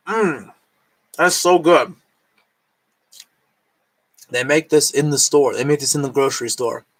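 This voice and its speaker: Man, drunk, rambling live-stream chat, bright voice, swears, talks with his mouth full. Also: mid-range voice, low-quality recording. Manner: rambling, swearing, chewing while talking. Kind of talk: casual late-night live stream chat.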